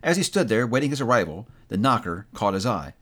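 A man narrating a classic story aloud with expressive, animated delivery. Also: fairly low pitch, fairly quick.

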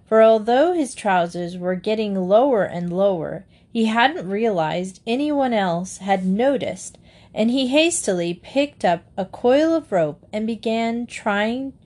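A woman reading a children's storybook aloud in a gentle manner. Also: mid-range voice. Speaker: narrator.

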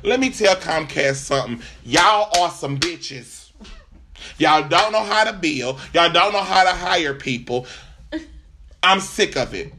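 A man's voice: a little high, expressive, a little slow, bright, forceful tone. A man telling a comic, profane, exasperated story in casual talk as a host. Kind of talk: comedic storytelling rant.

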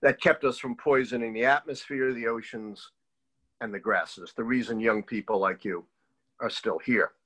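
An older male political historian tells stories in an interview, his voice medium-pitched and slightly rough at a moderate pace. He's animated, acting out the voices of the people he quotes, and the recording quality is low.

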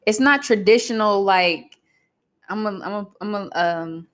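A young woman talks in an easy, slangy, unfiltered way. Her voice sits at a middle pitch, and she swears freely in relaxed banter with her co-host. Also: measured pace. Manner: blunt, profane, slangy banter. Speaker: podcast co-host. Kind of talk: casual chat.

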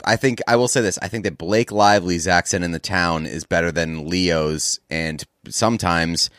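A man's voice: deep voice, fairly even intonation, normal speed, a bit bright, clean tone, no echo, studio quality. A young man from the Boston area with a slight Boston accent, co-hosting a podcast in laid-back chat. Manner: laid-back, chimes in with short remarks. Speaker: podcast co-host. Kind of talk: casual chat.

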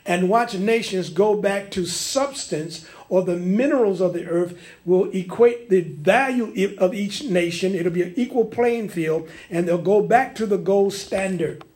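A man preaching a sermon, reading scripture emphatically and often restarting his sentences. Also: high-pitched. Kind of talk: sermon recorded on tape.

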